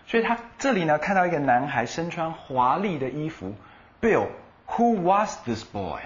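A man co-hosting a radio English lesson, explaining words and quizzing his partner with animated emphasis. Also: fairly high pitch, normal speed, highs cut off. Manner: animated explaining, switching between Chinese and English. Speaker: bilingual co-host explaining in Chinese.

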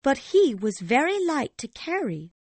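A woman voicing a gentle, cheerful mother in a grieving family, speaking softly and steadily in a storybook reading. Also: sits high, very animated, unhurried, no room sound, heavily acted. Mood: tender. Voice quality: soft and cheerful.

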